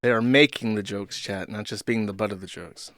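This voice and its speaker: A man's voice: on the low side, fairly quick, a bit bright, no echo, studio quality. A man hosting a live stream, reading posts aloud and commenting sarcastically, with frequent laughs.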